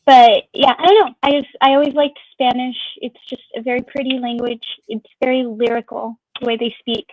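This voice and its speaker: A woman's voice: a little high, fairly even intonation, fairly quick, hardly any pauses, muffled recording, slight background noise. A woman streamer chatting casually in an open group conversation, musing and drawing out her phrases. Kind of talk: casual chat.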